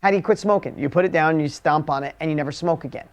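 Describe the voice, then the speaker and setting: A man giving a motivational talk to an audience. He speaks bluntly and with energy, swinging between loud, emphatic lines and hushed ones. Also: fairly high pitch, fast.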